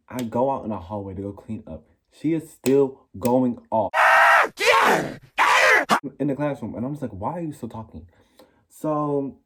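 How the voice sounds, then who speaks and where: A young man recounting a school story on his own channel, animated and sassy with plenty of attitude. His voice sits at a middle pitch for a man, and he jumps into acting out what people said as he goes. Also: a little hiss or hum. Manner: animated, sassy, acts out quoted lines. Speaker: vlogger. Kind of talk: casual storytelling.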